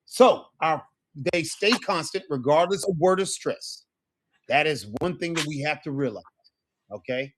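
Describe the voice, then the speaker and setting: A man's voice: a little high, unhurried, a little hiss or hum. Upbeat man teaching a language class. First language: English. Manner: lively, upbeat, repeats "right?" and "okay?" often. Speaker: Spanish teacher. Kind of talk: classroom lesson.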